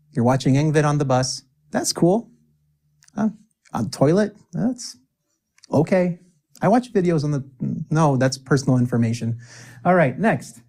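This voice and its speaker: Male English teacher, slightly high voice, slow and deliberate, leaves pauses for repetition, jokey asides. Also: darkish tone. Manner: playful, joking asides to the viewer. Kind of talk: spoken-English lesson with repeat-after-me drills.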